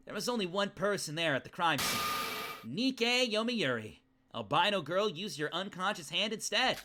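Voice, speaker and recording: Male streamer, high and bright voice, ranting and swearing over a game, faint music underneath. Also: moderate pace. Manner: excitable, ranting, swears often. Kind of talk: live game commentary.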